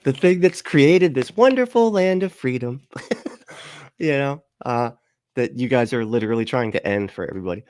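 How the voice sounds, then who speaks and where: A man's voice: mid-range voice, expressive, normal speed, a little mellow, no room sound. Sarcastic, profane man hosting a livestream. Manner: profane, sarcastic, laughs often. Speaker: livestream host. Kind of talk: casual reaction commentary.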